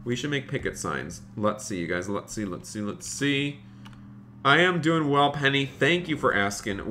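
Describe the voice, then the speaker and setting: Live-streaming a game, a chatty man thanks his viewers by name and keeps talking to "you guys" as he comments on the gameplay. His medium-pitched voice is bright and forceful, with a little hiss or hum in the audio.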